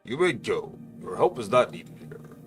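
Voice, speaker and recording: A man's voice: on the low side, big pitch swings, unhurried, music in the background, pitched above the performer's own voice. A man voicing a cranky, bullying old male wizard headmaster who barks insults. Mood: angry. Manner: barking, scornful insults.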